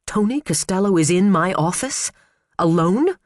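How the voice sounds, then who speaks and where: A man voicing a sharp, fierce female prosecutor with a curt, cutting manner, in an audiobook. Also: high-pitched, lively intonation, moderate pace, no room sound, studio quality, voice pushed up. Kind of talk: audiobook character voice.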